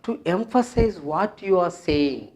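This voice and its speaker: An English grammar teacher explaining a rule at the board, patiently repeating each phrase and example several times and pausing often with fillers. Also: medium pitch, lively intonation, a little mellow. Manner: explains step by step with frequent fillers. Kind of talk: classroom grammar lesson at a board.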